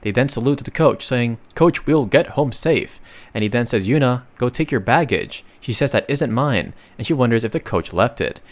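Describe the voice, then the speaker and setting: A man's voice: mid-range voice, lively intonation, fairly quick, few pauses. A man casually narrating a comic recap, reading the characters' lines aloud and adding offhand asides. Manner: chatty, reads dialogue aloud with asides.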